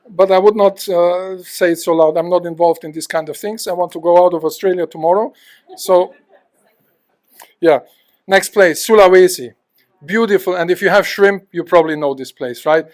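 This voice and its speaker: A man giving a lively, joking presentation to a live audience, telling travel stories and talking straight to the room. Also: high voice. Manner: lively, jokey, addresses the audience directly. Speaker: guest presenter at a fish club. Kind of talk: animated storytelling talk to a live audience. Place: club meeting room with audience.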